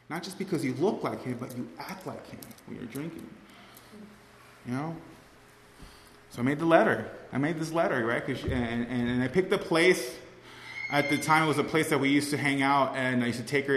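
A man's voice: medium pitch, fairly bright tone. Emotional man telling his story in an echoey hall. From Cuban family. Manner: rambling, emotional, repeats "you know" and "right". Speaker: recovery speaker sharing his story. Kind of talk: personal testimony to a group. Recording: echoey hall with faint room noise.

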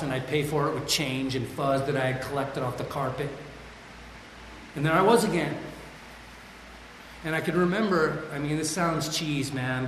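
A man's voice: on the high side, a bit bright, a little hiss or hum. A man sharing his own recovery story in a candid, raw, self-deprecating way, speaking to a group at a meeting. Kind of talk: candid personal testimony. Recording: echoey hall with long reverb, faint ambience.

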